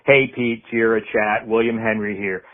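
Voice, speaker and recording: A man's voice: lowish voice, steady tone, normal speed. A male caller making a dry, sarcastic, stats-heavy case about his team over a phone line. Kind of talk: phoned-in fan rant.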